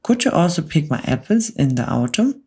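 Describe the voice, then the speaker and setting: A woman's voice: low voice, very animated, fairly quick, warm tone, slightly rough, heavily acted. Brief: hot-tempered old aristocrat, storybook whispered role-play, indignant bluster, put on by a woman. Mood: pleased. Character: pompous older male duke, hot-tempered.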